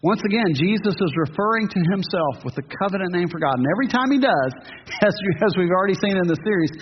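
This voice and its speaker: Pastor, man, 50s: high voice, earnest sermon with emphatic peaks, dull church-hall recording. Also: lively intonation, fast, slight background noise. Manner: earnest, rising to emphatic peaks, joking asides. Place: church sanctuary. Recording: dull audio with long hall reverb.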